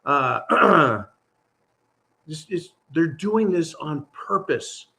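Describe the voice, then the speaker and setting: A man's voice: a little high, expressive, very slow, gravelly, bright, forceful tone. A man hosting his own channel, talking through a casual, rambling monologue in an exasperated, sarcastic way. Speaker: channel host.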